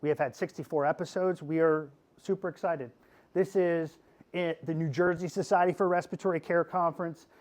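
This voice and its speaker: Goofy, animated man teaching a class. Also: fairly high pitch, fairly quick. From Pennsylvania. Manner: goofy, animated, asks "okay?" often. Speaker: podcast host giving a class talk. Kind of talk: lively classroom presentation.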